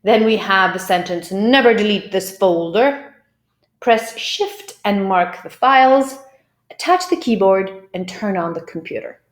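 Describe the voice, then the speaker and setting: A woman teaching English pronunciation, explaining clearly and drilling words by repeating them. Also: medium pitch, expressive, unhurried. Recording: roomy echo.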